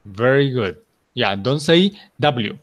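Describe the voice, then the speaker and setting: A man with a Colombian accent teaching an English class, patient and encouraging, correcting students slowly. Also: mid-range voice, lively intonation.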